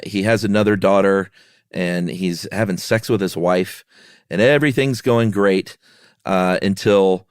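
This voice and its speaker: A man's voice: lowish voice, clear, resonant tone, no room sound, clean studio sound. A man co-hosting a podcast, retelling a history story in casual chat and acting out the quoted villagers. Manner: animated, acts out quoted townspeople. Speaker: podcast co-host.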